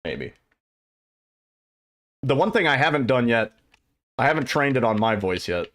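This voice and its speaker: This streamer, a man doing a speedrun, answers his viewers in a meandering, casual way with some light cursing. His medium-pitched voice is a bit bright, moves at normal speed, and swings widely in pitch.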